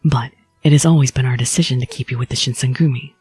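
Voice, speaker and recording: A woman voicing a reserved young male swordsman in a low, flat, formal manner. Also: quick pace, breathy edge, faint music behind, full character voice. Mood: stern, reserved.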